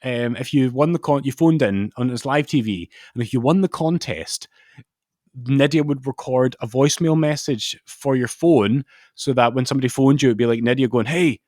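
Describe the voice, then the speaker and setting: Male podcast co-host, mid-pitched, rambling anecdotes with acted-out quotes, dry close mic. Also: moderate pace, darkish tone, no echo. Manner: rambling storyteller who acts out quotes. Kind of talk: casual chat.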